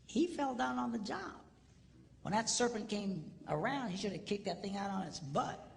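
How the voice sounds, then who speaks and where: A middle-aged man giving a comedic marriage seminar, animated, acting out voices and dropping to a whisper for emphasis. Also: high voice, moderate pace, vocal fry, long reverb tail, a little hiss or hum. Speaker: seminar speaker.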